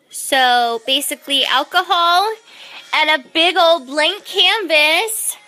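A woman's voice: high voice, pushed and bright, a little hiss or hum. Stuffy-nosed, tipsy young woman. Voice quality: stuffy and nasal. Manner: goofy, rambling and chatty. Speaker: makeup artist. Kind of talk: casual drunk phone vlog. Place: at home. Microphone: phone camera.

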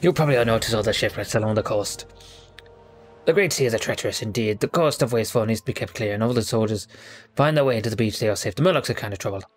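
A man putting on a gruff ghost pirate. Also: on the low side, fast, close to an everyday voice. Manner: reads quest text aloud in a put-on pirate voice. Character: ghostly old male pirate sailor, gruff.

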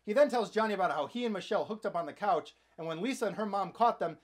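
A man's voice: sits high, fast talker. A man hosting a comedic movie recap, narrating with sarcastic, playful asides. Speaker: host.

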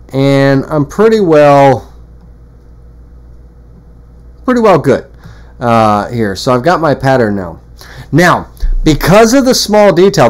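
A man walking through a woodworking software tutorial in a casual, rambling way, full of fillers and restarts. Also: mid-range voice. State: has the hiccups. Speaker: CNC woodworking instructor. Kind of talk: screen-recorded software tutorial.

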